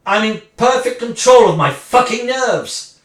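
A woman's voice: a little high, expressive, unhurried. A woman acting a sarcastic, wounded wife who is leaving her husband, speaking one side of a phone call in a dramatic monologue. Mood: furious. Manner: sarcastic, swinging between mocking and furious. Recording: roomy, distant mic.

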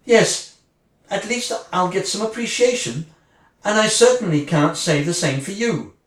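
A woman's voice: mid-range voice, animated, a little slow, natural voice. A woman acting a sarcastic, wounded wife who is leaving her husband, speaking one side of a phone call in a dramatic monologue. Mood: bitter sarcasm. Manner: sarcastic, swinging between mocking and furious. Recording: roomy, distant mic.

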